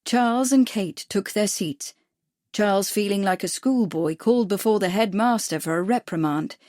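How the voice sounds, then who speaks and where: A woman's voice: mid-range voice, normal speed, darkish tone, dry recording, studio quality. Woman narrating a mystery audiobook. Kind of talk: scripted narration.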